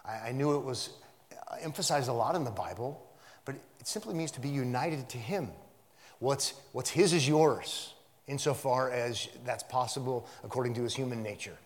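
A man preaching an expository sermon, swinging from hushed asides to loud emphatic repetition and rhetorical questions. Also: medium pitch, normal speed. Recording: long hall reverb.

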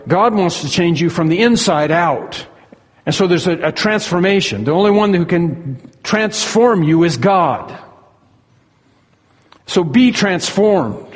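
A man preaching an earnest expository sermon, slowing down to stress key words. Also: on the high side, slightly rough, long reverb tail.

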